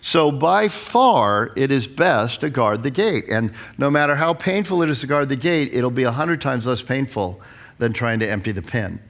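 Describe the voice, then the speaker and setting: A man's voice: medium pitch, moderate pace. A man in his sixties, a pastor giving a conference talk, who tells stories and acts out the quotes. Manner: storytelling, animated, acts out quotes.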